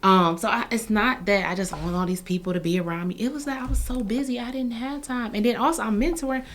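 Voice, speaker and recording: A woman hosting a casual podcast conversation, a real estate team leader who tells lively stories and acts out the dialogue. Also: on the high side, fast, a little hiss or hum. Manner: animated storyteller, acts out quoted dialogue.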